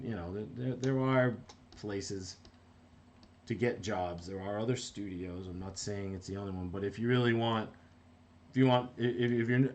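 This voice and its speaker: A middle-aged man from New Jersey, an animator chatting casually on a live stream while he works, reading viewer comments aloud and often breaking off mid-thought. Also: lowish voice. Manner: rambling, self-interrupting, reads chat aloud.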